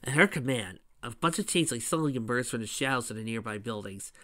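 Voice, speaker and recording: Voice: medium pitch, animated, fast, a bit bright. A fan reader narrating a fan story and adding chatty asides. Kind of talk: reading fan fiction with commentary.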